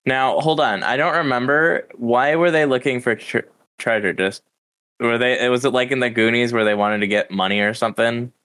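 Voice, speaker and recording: A man co-hosting a podcast in casual chat, hesitant and pausing often on "uh". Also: mid-range voice, fairly bright tone. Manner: hesitant, many "uh" pauses. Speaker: podcast co-host.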